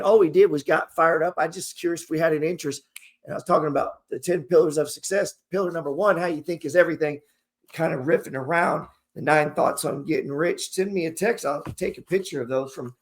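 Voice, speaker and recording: A man's voice: fairly high pitch, fairly quick. A man hosting an investing channel, talking casually and motivationally to camera in a rambling, profane, slangy storytelling way.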